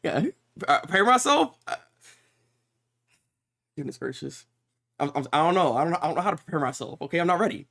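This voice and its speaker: A man streaming a live reaction to a new comic chapter, excitable and exclamatory, with casual swearing and lots of restarts. He is recording in an untreated room with some echo. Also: a little high, brisk, vocal fry, long pauses.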